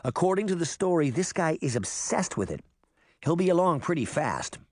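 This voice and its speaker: A man voicing an eager little girl who talks quickly with excitement. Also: medium pitch, dry recording, studio quality, voice pushed up.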